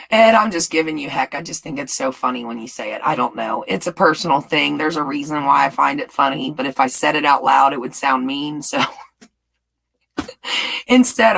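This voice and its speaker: Gravelly, husky Southern-tinged woman streamer. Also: very deep voice, a bit bright, poor audio. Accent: light Southern US. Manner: chatty, gushing, laughs often. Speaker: YouTube live-stream host. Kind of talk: casual live-stream chat answering viewers. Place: home in Texas.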